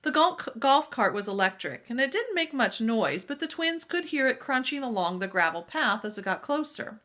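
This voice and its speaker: A woman's voice: fairly high pitch, moderate pace. Woman reading a children's book aloud. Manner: lively, adds asides to listeners. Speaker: reader.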